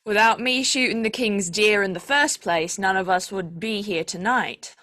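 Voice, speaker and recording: A woman's voice: mid-range voice, moderate pace, pushed and bright, lightly acted. A woman playing a loyal young miller's son, telling his tale in a folksy, chatty way. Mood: storytelling. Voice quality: chatty storyteller, folksy phrasing. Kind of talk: audio drama acting.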